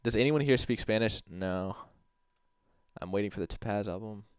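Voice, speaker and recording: Lowish smooth-voiced guy streaming, rambly, says like constantly, cusses a lot, dry close sound. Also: normal speed, no echo. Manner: rambling, heavy with "like" fillers and swearing; reads out and answers chat messages. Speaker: livestream host. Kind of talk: casual livestream commentary.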